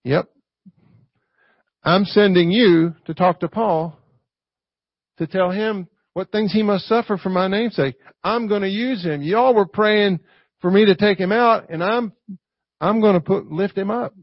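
A man preaching in a high, gravelly voice with an easygoing, folksy delivery. He keeps tossing rhetorical questions to his listeners. The recording is dull and lo-fi, with a dry, close sound. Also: a little slow, pauses often, no echo. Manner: folksy, peppers points with rhetorical "right?". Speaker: pastor. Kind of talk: conversational sermon.

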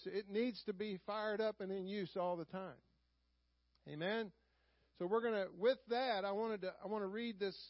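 A Southern-accented man preaches in a folksy way and often turns to the congregation with "Amen?". His voice sits high for a man. The recording is dry, with a dull, slightly muffled tone. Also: no echo. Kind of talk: sermon.

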